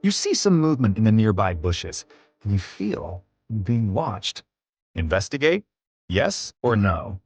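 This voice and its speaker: A man narrating a text adventure game in a measured, storybook manner. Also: fairly low pitch, sing-song, slightly rough, no echo. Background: background music.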